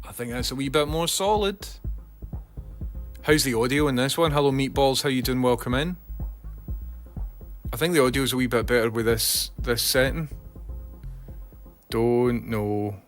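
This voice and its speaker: A man's voice: medium pitch, normal speed, pauses often, soft background music. A man with a Scottish accent chatting casually on a livestream, thinking aloud and greeting viewers one by one by name.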